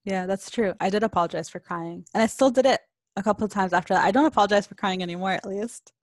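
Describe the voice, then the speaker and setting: A woman's voice: mid-range voice, quick pace, dry recording. A young woman in casual podcast chat, emotional and open, laughing often. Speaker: podcast co-host.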